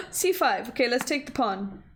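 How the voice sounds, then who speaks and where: A young woman streaming a chess game, talking excitedly to her computer opponent, gasping and exclaiming at the moves. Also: fairly high pitch, a little slow, slight background noise. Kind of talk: casual live-stream chess play-by-play.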